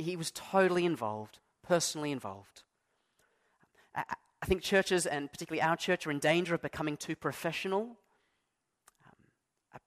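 Pastor guy giving a sermon, chatty, kinda self-deprecating, bit higher voice. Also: fairly bright tone. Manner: conversational, self-deprecating, emphatic on key words. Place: church.

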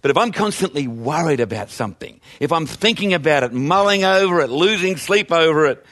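A man's voice: a little high, lively intonation, a little fast, a bit bright. A man preaching a sermon in a conversational way, using rhetorical questions. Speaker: pastor.

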